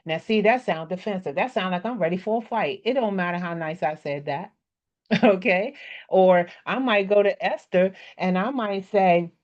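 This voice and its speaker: A woman's voice: mid-range voice, normal speed, a little mellow, dull audio. A woman leading a casual online workshop, chatty and laughing often as she acts out different tones of voice. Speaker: workshop presenter. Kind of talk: casual teaching talk.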